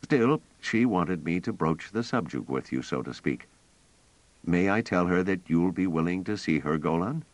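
A man voicing a fussy, gentle elderly male scholar who rambles and talks hesitantly. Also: low-pitched, animated, normal speed, dry recording, rough recording. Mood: earnest. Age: older. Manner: hesitant, wordy, polite.

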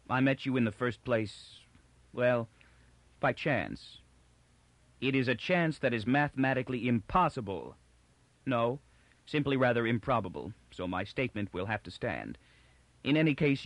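A man doing a cold colonel, clear and level, emotionless, dry close sound. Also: mid-range voice, no echo.

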